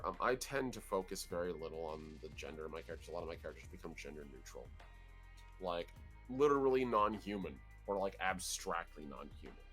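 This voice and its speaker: A man with a growly voice chatting thoughtfully on a livestream. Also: fairly bright tone. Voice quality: deep, growly voice. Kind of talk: casual chat on a livestream.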